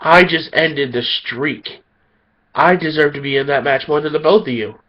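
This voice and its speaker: A man's voice: on the high side, moderate pace, close to an everyday voice. An arrogant wrestler brags in a smug, challenging tone, as a man puts him on. The voice stays close to the man's own. The recording is muffled and lo-fi. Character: arrogant male wrestler, bragging.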